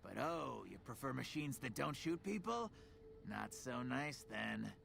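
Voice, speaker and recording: A gravelly ghoul engineer. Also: male voice, sing-song, unhurried, a bit bright, faint music behind, exaggerated voice. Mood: sardonic. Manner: proud and touchy, swings to shrill outrage. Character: bitter ghoul engineer, male, neurotic, proud. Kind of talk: video game dialogue.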